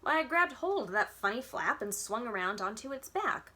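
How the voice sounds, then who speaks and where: A woman reading aloud as a tough older woman witch who talks in a gruff, commanding way and barks orders. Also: fairly high pitch, big pitch swings, moderate pace, bright, forceful tone, voice pushed up, heavily acted. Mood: storytelling. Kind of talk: reading a children's novel aloud.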